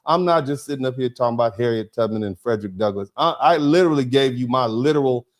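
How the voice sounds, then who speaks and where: Male livestream host, mid-pitched, chatty and emphatic, halting restarts, reading chat aloud. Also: lively intonation. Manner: conversational and emphatic, with repeated "you see what I'm saying". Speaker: host of a live show, a lawyer. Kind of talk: livestream talk, thanking viewers and reading chat.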